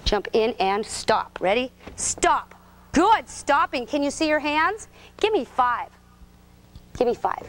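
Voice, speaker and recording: High-voiced woman coaching toddlers. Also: very animated, takes it slowly, fairly bright tone, slight background noise. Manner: sing-song, encouraging, gives short simple directions. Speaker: preschool gymnastics coach. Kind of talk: coaching young children in class. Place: indoor gym.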